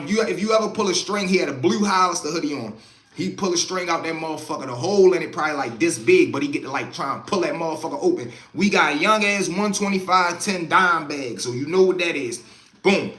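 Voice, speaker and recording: Guy spinning a wild story on a live stream, high bright voice, lots of cussing and "boom", kinda echoey room. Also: brisk. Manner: animated, profane, punctuates with "boom". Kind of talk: casual storytelling.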